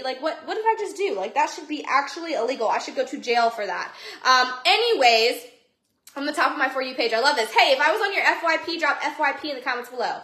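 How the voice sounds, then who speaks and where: Chatting bubbly from home on a phone livestream, this woman greets viewers by name as she runs a casual sales chat. She has a high, bright, sharp voice in an echoey room.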